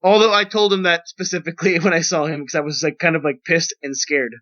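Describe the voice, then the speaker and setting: A young man with a high, bright voice tells a story on a podcast in a loose, rambling way. He swears freely. The audio sounds dull and lo-fi. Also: quick pace. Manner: rambling, profane, animated storytelling. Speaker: podcast host. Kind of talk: casual storytelling.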